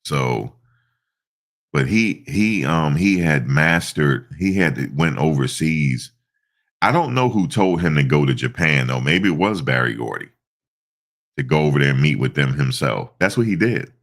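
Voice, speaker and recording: A man's voice: rumbling low, animated, measured pace, fairly bright tone. A stuffed-up man hosting a casual live stream, rambling through stories with lots of fillers. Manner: rambling storytelling with many fillers.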